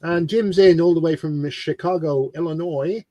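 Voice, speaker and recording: A man's voice: fairly high pitch, normal speed, mellow, no room sound. A man co-hosting a hobby livestream, casually greeting viewers and teasing them as he reads their comments. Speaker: livestream co-host. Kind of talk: casual chat. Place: home studio, on a video call.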